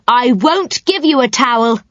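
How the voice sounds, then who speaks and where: Firm, scolding nursery-rhyme girl played by a woman, bright and lively, dry and dull recording. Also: a little high, takes it slowly, dry recording. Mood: stern. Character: stern, motherly little nursery-rhyme girl.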